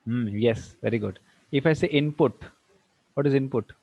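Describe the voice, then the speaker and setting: A man teaching an online tutorial, firing quick questions at students and slipping into Hindi. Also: medium pitch, creaky, warm tone. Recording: dull lo-fi dry sound.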